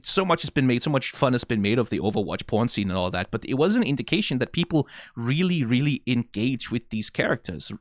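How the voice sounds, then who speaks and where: A reaction video host from Denmark speaks with a Danish accent, rambling casually, swearing freely and leaning on "like" constantly. His voice is mid-range, captured at studio quality with no room sound.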